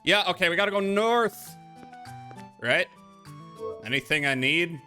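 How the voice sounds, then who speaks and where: A man's voice: high voice, animated, unhurried, bright, forceful tone, faint music behind. A man live-streaming a game, chatting casually with his viewers in a rambling, profane way. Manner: rambling and profane, talks to chat.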